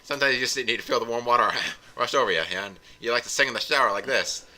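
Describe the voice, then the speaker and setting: A man voicing a brash male donkey in a deliberately bad impression, laughing through his lines. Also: medium pitch, bright, forceful tone. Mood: smooth. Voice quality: bad celebrity-style impression.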